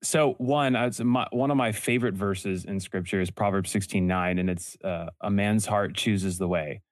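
Young male guest, lowish pitch, dry close mic, earnest, restarts sentences. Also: no echo. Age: young adult. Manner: earnest storytelling, quick self-corrections. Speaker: podcast host and entrepreneur guest. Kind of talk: casual interview talk.

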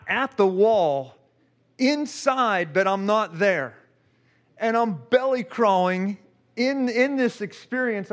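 Male preacher with a high voice, telling an emotional testimony during a sermon. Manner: emotional, storytelling, repeats himself.

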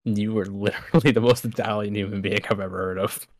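A man's voice: fairly low pitch, fairly even intonation, fast, dry recording. A young man co-hosting a podcast, teasing his friend with sarcastic remarks in casual chat. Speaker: podcast co-host.

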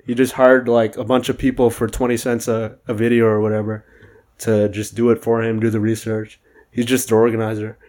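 Monotone young man in casual chat. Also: fairly low pitch, brisk. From United States. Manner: monotone, hesitant with fillers.

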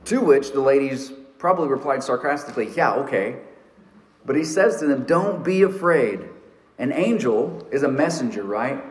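Male pastor, slightly high voice, earnest story-driven sermon, echoey sanctuary sound. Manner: earnest storytelling preacher, slows for emphasis. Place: church sanctuary.

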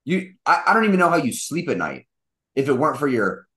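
A young man co-hosting a casual sports podcast, mocking and animated, acting out quotes as he rants. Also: mid-range voice, fairly quick. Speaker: podcast co-host.

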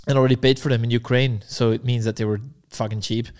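A young man sits in as a podcast guest and spins a long story in relaxed, offhand chat. He curses freely and slips into other people's lines as he quotes them. His voice is smooth and clean, at an ordinary middle pitch. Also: fast. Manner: laid-back, swears freely, acts out quotes.

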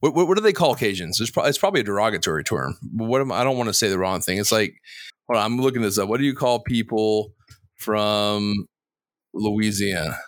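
A man co-hosting a casual sports podcast, animated and loud, swearing and laughing often. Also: lowish voice, brisk, no echo, studio quality. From US East Coast. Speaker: podcast co-host.

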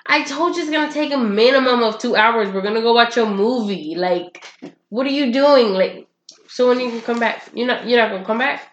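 A woman's voice: a little high, a little fast. A woman in her thirties, co-hosting a podcast in casual chat, talking frankly and laughing often. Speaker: podcast co-host. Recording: roomy, slightly dull recording.

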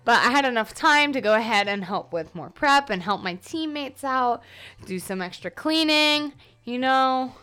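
A woman's voice: fairly high pitch, fairly bright tone, clear, resonant tone. Tired young woman rambling on her podcast. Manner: rambling, self-interrupting with fillers. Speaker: podcast host. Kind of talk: casual solo podcast monologue.

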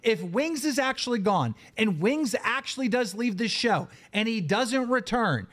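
A high-voiced man vents on a live podcast stream, his pitch swinging all over as he grows exasperated. He swears often and hammers every point with emphasis. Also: lively intonation, unhurried, hardly any pauses, a bit bright. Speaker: podcast host. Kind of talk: heated live-stream rant.

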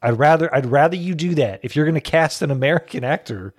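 A man co-hosting a casual podcast chat, animated and opinionated, joking as he goes. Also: fairly high pitch, fast talker, dry recording, clean studio sound. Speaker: podcast co-host.

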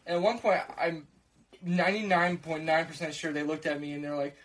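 A man's voice: on the high side, steady tone, fairly quick, poor audio. A young man from co-hosting a podcast, telling a story in casual chat, acting out the quotes and swearing freely.

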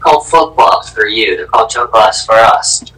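A man from Kansas City co-hosts a casual podcast in a fairly low, husky voice. He drops short, deadpan quips into the chat. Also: moderate pace, low-quality recording. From Kansas City, USA. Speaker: podcast co-host.

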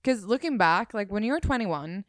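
A woman in her thirties hosting a podcast, chatting in a relaxed way with many "like"s. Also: mid-range voice, moderate pace, no echo, studio quality. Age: 30s. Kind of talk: casual chat.

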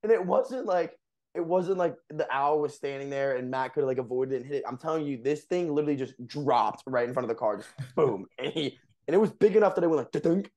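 A man's voice: mid-range voice, quick pace, a little mellow. A young man on a podcast telling a story in a casual, rambling way, full of fillers and laughs. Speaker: podcast co-host.

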